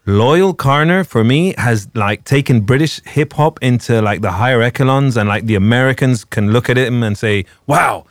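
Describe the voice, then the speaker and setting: A man's voice: medium pitch, normal speed, hardly any pauses, no room sound, clean studio sound. A man hosting a casual music chat, talking in a rambling way with many restarts and laughs.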